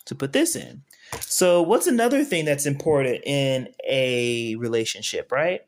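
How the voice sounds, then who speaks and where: A man's voice: medium pitch, animated, moderate pace. A man giving a casual live-stream tutorial, talking viewers through each step and often checking that they follow along. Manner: conversational, keeps checking in with viewers. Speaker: spiritual teacher.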